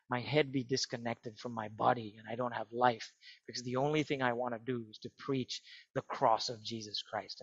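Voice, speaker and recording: A man preaching a sermon in an earnest way that builds to excited emphasis. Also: medium pitch, no echo, lo-fi sound. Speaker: pastor.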